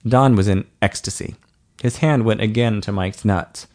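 A man's voice: on the low side, moderate pace, darkish tone. Man narrating a story aloud. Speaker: audiobook narrator. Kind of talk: scripted narration.

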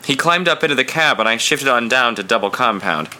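A man reading a first-person story aloud in an intense, confessional, measured narration. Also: medium pitch, lively intonation, bright, forceful tone. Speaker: audiobook reader.

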